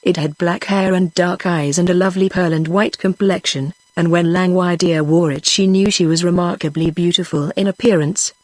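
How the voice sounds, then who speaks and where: A synthetic woman's voice with a British English accent, narrating an audiobook in an even, steady way. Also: fairly low pitch, normal speed, hardly any pauses, no echo. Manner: even, evenly paced synthetic reading. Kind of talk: text-to-speech audiobook narration.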